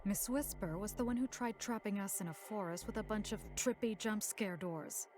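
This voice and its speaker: A woman's voice: medium pitch, moderate pace, over music, close to an everyday voice. A woman playing a tough rescue soldier. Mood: defiant. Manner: defiant, taunting.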